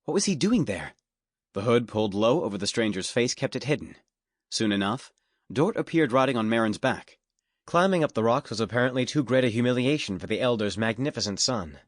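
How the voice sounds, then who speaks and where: A medium-pitched male voice tells a fantasy tale, reading scripted narration in a steady, measured manner. The studio-quality recording, made with a studio mic, has no room sound.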